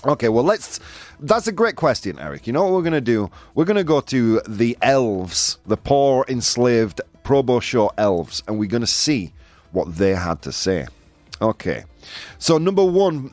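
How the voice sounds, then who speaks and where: Animated Yorkshire man, joking podcast host. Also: medium pitch, no echo. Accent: Yorkshire English. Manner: animated, jokey, rambling with restarts. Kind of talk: casual podcast chat.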